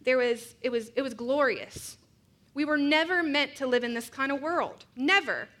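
A woman's voice: high voice, normal speed, fairly bright tone. A woman preaching a sermon, earnest and reflective, mixing scripture with personal stories.

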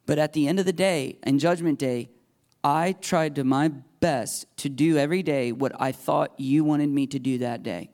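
A man's voice: on the high side, moderate pace, a little mellow. A middle-aged man preaching a sermon in a conversational, emphatic way, acting out the voices he quotes. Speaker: pastor.

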